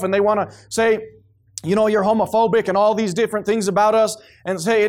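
Guy preaching a sermon, pretty high voice, acts out the quotes, lively. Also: fast. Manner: animated, acts out quoted voices, responsive amens from congregation.

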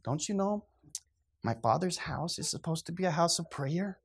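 Jesus as a stern, knowing grown man, as a preacher puts him on mid-sermon, dropping low and sly or rising to a roar. A fairly high male voice, acted out in a sermon retelling. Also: expressive, normal speed, vocal fry, slightly rough, heavily acted. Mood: gentle, scolding. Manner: low and knowing at times, roaring at others. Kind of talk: sermon storytelling.

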